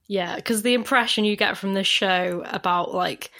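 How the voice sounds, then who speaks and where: A woman hosting a podcast, recapping an episode in relaxed casual chat and laughing often. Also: mid-range voice, normal speed. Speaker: podcast host.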